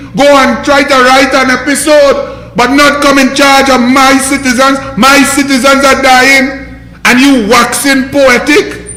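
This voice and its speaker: A man's voice: extremely high pitch, sharp tone, reverberant. A man with a Trinidadian accent giving a scornful, mocking political rant, hammering his points with emphasis. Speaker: political commentator. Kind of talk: ranting political commentary.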